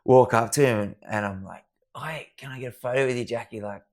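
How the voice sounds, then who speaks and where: A man's voice: medium pitch, fairly quick, a little mellow. A man telling sweary, rambling stories in casual chat at home at night. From Australia. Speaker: podcast guest. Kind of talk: casual storytelling. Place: house at night.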